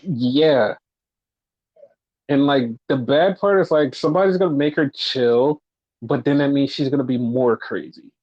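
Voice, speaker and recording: A man's voice: mid-range voice, measured pace, dry recording. A man co-hosting a podcast, casually recapping wrestling shows and ranting with swearing when annoyed. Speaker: podcast co-host. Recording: dull lo-fi dry recording.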